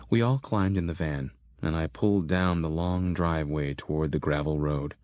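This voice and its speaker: This is scripted horror narration from a man whose voice is deep and dry, delivered at a steady, measured pace. The recording carries no room sound at all.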